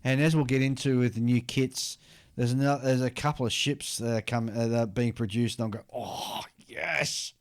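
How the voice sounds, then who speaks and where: A man's voice: mid-range voice, fairly even intonation, a little fast, darkish tone, smooth. An Australian man co-hosting a hobby podcast, chatting casually and reading out listener mail, rambling and laughing at himself. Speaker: podcast co-host.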